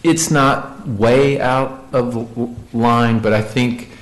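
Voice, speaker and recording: A man on a county staff, answering a review board's questions in a meeting, halting and repeating words. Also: mid-range voice, fairly even intonation. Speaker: county staff member presenting. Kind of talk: meeting discussion. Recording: echoey meeting room.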